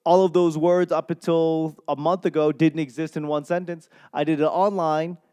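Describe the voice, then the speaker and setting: A young comedian from Boston speaks at a moderate pace in a fairly high, mellow, clean voice with flat delivery. Hosting his solo podcast, he rambles, swears often, and loses his train of thought.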